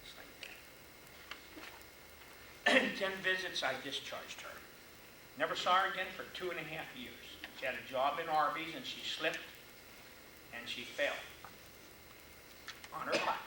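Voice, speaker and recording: An older man teaches a seminar in a folksy, animated way, slipping into stories and acting out what people said. He is heard from a distance in an echoey room with steady background noise. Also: fairly high pitch, normal speed, pauses often. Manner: folksy, animated anecdotes with acted-out quotes. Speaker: chiropractic lecturer. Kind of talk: storytelling seminar lecture. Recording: echoey room, far mic, noisy.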